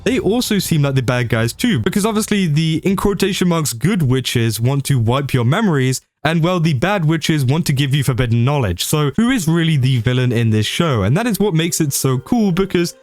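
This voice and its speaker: A man's voice: on the high side, expressive, normal speed, hardly any pauses, a little mellow, no room sound, soft background music. A man presenting an anime video essay in a casual, conversational manner, with frequent fillers.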